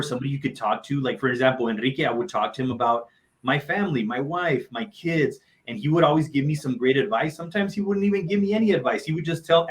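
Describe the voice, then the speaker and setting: A man speaking as a motivational coach and guest on a live talk show, sharing personal stories with earnest feeling. His voice sits at an ordinary middle pitch for a man. He leans on repeated phrases to drive each point home. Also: poor audio. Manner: heartfelt, repeats phrases for emphasis.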